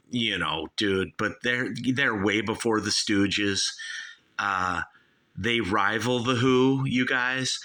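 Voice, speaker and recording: A man's voice: fairly low pitch, bright, forceful tone. A man, rambling casually through an album review and calling his listeners "you guys" and "dude". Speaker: album reviewer, show host.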